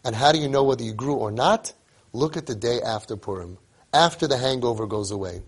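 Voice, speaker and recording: A man's voice: medium pitch, brisk, breathy edge. A man giving an emphatic sermon, repeating phrases and telling a story.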